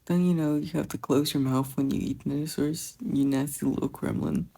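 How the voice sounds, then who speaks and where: A fan fiction reader voicing a gentle, doting teenage older brother who talks in a soft, coaxing way. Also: medium pitch, steady tone, moderate pace, creaky. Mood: teasing. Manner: soft, coaxing, tender teasing. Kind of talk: fan fiction audiobook reading.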